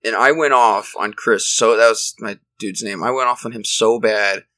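A man's voice: on the low side, steady tone, normal speed, sharp tone, no echo, rough recording. A young man telling rambling, profane stories in casual chat.

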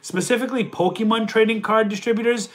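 A man's voice: high-pitched, steady tone, fast talker. A man hosting a casual livestream, reading viewer questions aloud and answering them, with a stuffy nose. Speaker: livestream host and reseller.

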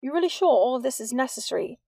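Charming teen schoolboy, voiced by a woman. Low, calm, unhurried. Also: creaky, no echo, heavily acted.

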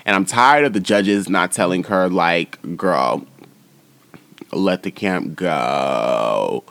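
Man, podcast host, sassy and foul-mouthed, low pitched, dry close sound. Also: no echo. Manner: sassy, profane and animated. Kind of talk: casual show recap.

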